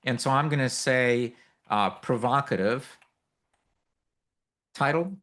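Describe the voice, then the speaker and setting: A man teaching a live workshop, walking through a software demo in a loose, explanatory way with many fillers and asides. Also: medium pitch, takes it slowly. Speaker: workshop instructor. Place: workshop room with a live audience.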